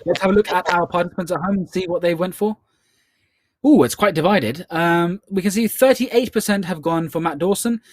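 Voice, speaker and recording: A man with a British accent hosts a live online charity quiz, upbeat and full of playful ad-libbed asides. His voice sits high and moves fairly quickly.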